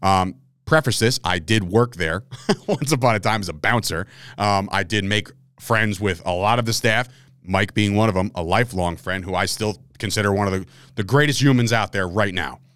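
A man, hosting his own podcast and telling his story in a casual, animated way, swearing and laughing along the way. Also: fairly low pitch, normal speed, clean tone, dry recording. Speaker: podcast host.

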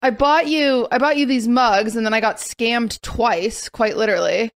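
A woman's voice: a little high, normal speed, dry recording, studio quality. A woman hosting a casual chat podcast, talking animatedly and rambling with restarts. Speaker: podcast host.

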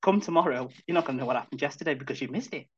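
A man's voice: mid-range voice, rapid-fire, slightly rough, lo-fi sound. A man in his thirties from Zambia, a podcast guest talking in an upbeat, chatty way with many restarts. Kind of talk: casual chat.

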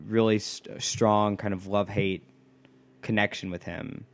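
Casual man with a lowish voice. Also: steady tone, unhurried, gravelly. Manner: casual, swears, trails off and restarts often. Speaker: podcast co-host. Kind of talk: casual chat.

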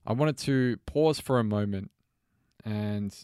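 A man's voice: lowish voice, takes it slowly, a little mellow, smooth, no room sound, studio quality. A man hosting a podcast, talking earnestly to his listeners and often repeating his words. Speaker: podcast host. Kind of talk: casual podcast talk and listener appeal.

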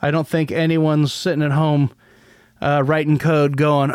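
A man's voice: a little high, flat delivery, unhurried, long pauses, clean tone, no room sound, clean studio sound. A man hosting a casual solo podcast, rambling with many restarts and a sardonic edge. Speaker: podcast host.

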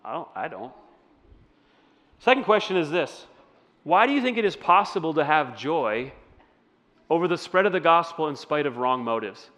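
Pastor guy, kinda high voice, chatty sermon w/ questions to the crowd, big echoey hall. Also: expressive, normal speed, fairly bright tone. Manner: conversational, asks the audience questions. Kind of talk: interactive sermon.

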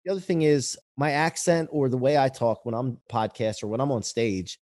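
Upbeat man with a mellow, dry voice. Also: mid-range voice, brisk, no room sound. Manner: upbeat, talks with his hands. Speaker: podcast host. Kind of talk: casual interview chat.

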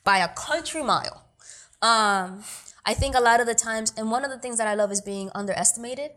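Brisk and sharp-toned, with a slightly high voice, this young New Yorker talks as an interview guest. She works as an actor and producer, and her casual talk is blunt, emphatic, and streetwise, peppered with "you feel me."

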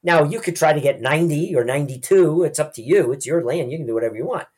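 A man in his sixties, a land banking consultant, explaining in a lively conversational way and acting out quotes. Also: fairly high pitch, fast talker, slightly rough. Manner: lively storyteller who acts out quoted voices.

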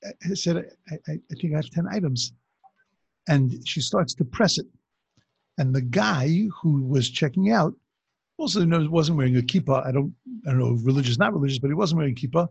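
A man with a very husky, gravelly voice, pitched a little high, gives a religious teaching talk. He tells stories in a loose, conversational way and often restarts his sentences. The recording is dry and dull, with a lo-fi sound. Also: lively intonation, a little fast, darkish tone, dry recording. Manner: conversational storytelling with many restarts. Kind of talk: Torah class talk.

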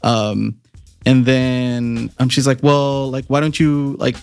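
A man co-hosting a podcast, telling stories in a casual, animated, profane way, often laughing. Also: medium pitch, slow, gravelly, clear, resonant tone, faint music behind. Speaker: podcast co-host. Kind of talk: casual chat, storytelling.

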